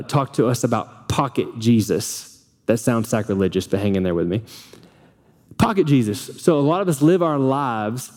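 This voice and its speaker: A man's voice: a little high, warm tone. A young man preaching a sermon as pastor, earnest, reading scripture aloud and sometimes restarting his sentences.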